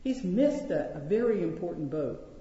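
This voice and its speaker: A Bible teacher leading a study, speaking with animated emphasis and often restarting sentences. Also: medium pitch, normal speed. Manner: animated, acts out quoted lines, frequent restarts. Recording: dull sound in an echoey hall with long reverb.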